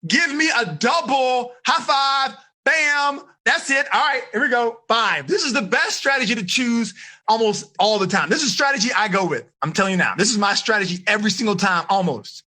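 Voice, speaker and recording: A man from the United States giving a lively live seminar to teenagers as a life coach, coaxing his audience to answer and acting out little quoted scenes. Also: high voice, fast talker. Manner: animated, coaxing the audience, acts out quoted voices. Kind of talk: energetic live seminar talk.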